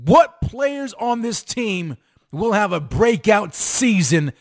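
Energetic male sports show host with a high-pitched voice, talks straight to the fans and repeats lines for punch. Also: slow. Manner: hyped, repetitive, sing-song emphasis, calls out to audience. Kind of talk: fired-up sports commentary to fans.

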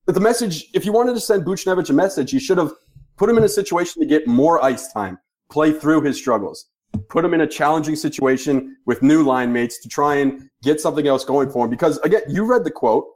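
A man's voice: fairly high pitch, lively intonation, a little fast, darkish tone. A man co-hosting a hockey podcast, blunt and opinionated and swearing freely. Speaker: podcast co-host. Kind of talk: casual podcast chat.

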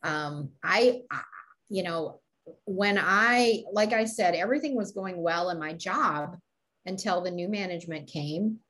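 A woman's voice: on the low side, unhurried, a bit bright. A woman co-hosting a motivational talk show, telling stories and laughing often. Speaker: podcast co-host.

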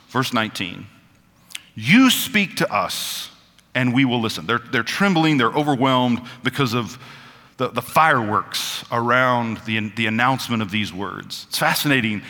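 Male pastor, bright forceful tone, chatty humor and slow emphatic scripture reading, long church reverb. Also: medium pitch. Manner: conversational and joking, slowing down for emphatic scripture reading. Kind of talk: sermon. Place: church sanctuary.

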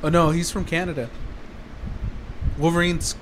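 A man's voice: fairly high pitch, level tone, moderate pace, fairly bright tone, a little hiss or hum. A man in casual chat, mostly giving short reactions and laughing.

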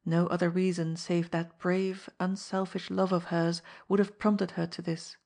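A woman narrating an adventure novel as an audiobook in a measured storytelling manner. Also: on the low side, level tone, creaky, darkish tone. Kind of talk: scripted narration.

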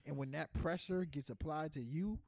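A man's voice: fairly high pitch, normal speed, gravelly, dry recording, clean studio sound. A man co-hosting a podcast in casual, teasing banter, with a Nigerian-influenced English accent. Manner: animated, jokey, teasing. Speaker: podcast co-host.

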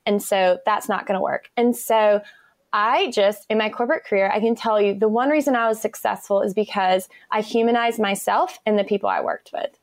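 A woman's voice: mid-range voice, a little fast, dry recording, studio quality. A woman being interviewed on a podcast, telling workplace stories with enthusiasm and acting out quotes. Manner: enthusiastic, animated, acts out quotes. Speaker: podcast guest. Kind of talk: conversational interview storytelling.

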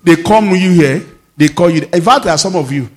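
A man, a pastor preaching a sermon with sudden shouts and low, emphatic drops. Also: a little fast.

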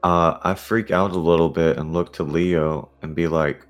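A man playing a tabletop game, speaking in a hesitant, matter-of-fact way. His voice sits quite low. Faint music plays behind. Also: fairly even intonation, moderate pace. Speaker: player. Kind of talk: casual chat.

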